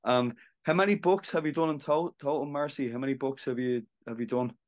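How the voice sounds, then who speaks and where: A podcast host with a mid-pitched voice runs a casual interview. The host offers frequent short acknowledgements and asks questions in a loose, conversational way. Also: fairly quick.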